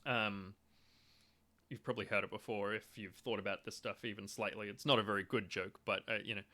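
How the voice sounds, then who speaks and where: Bright-voiced man explaining with halting fillers. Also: fairly low pitch, fairly even intonation. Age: young adult. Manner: hesitant, lots of ums and restarts. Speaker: video lecturer on theory. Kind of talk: casual explanatory talk.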